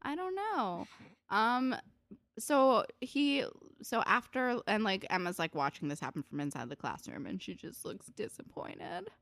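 A woman's voice: medium pitch, big pitch swings, unhurried, vocal fry, fairly bright tone, no echo. A woman chatting casually about a TV episode, sarcastic and full of "like", swearing now and then. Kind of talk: casual recap chat.

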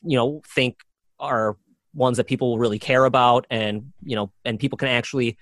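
A man chatting as a filmmaker guest on a podcast, an animated storyteller. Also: medium pitch, brisk, no echo, studio quality. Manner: animated storyteller, acts out quoted dialogue. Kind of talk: casual podcast chat.

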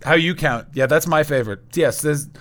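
A male comedian guest on a podcast, joking through profane, animated rants while walking outside in winter over a remote line. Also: on the high side, fairly quick.

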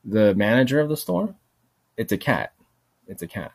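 A man's voice: lowish voice, sing-song, moderate pace, no echo. A man telling long, meandering personal stories in a casual monologue, chuckling often and acting out the voices of people he quotes. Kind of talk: rambling personal storytelling monologue.

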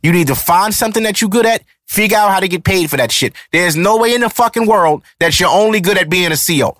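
A man's voice: high-pitched, expressive, quick pace, fairly bright tone, no room sound. A man in his thirties hosting a podcast, ranting in a heated, profane, emphatic monologue. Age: 30s. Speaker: podcast host.

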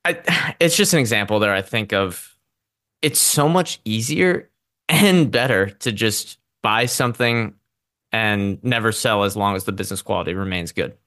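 A man with a fairly low voice, co-hosting a podcast and laying out his opinions plainly. He explains his points in a relaxed, conversational way. He is close-miked in a dry space. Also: moderate pace, no room sound. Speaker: podcast co-host. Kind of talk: casual investing podcast chat.

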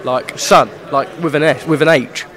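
A man from England, a boxing interviewer, joking and firing quick comebacks in casual banter. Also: a little high, steady tone, fairly bright tone.

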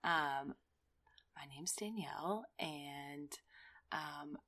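A young woman guest on a podcast in casual chat, animated and fond of mimicking people, with an early-morning voice. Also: sits low, drawn-out words, creaky.

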